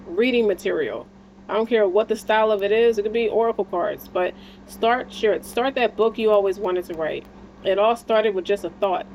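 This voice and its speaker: A woman's voice: mid-range voice, a little mellow, slight background noise, low-quality recording. A woman giving a casual spiritual tarot reading, talking in a blunt, slangy and encouraging way and swearing freely. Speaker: tarot card reader.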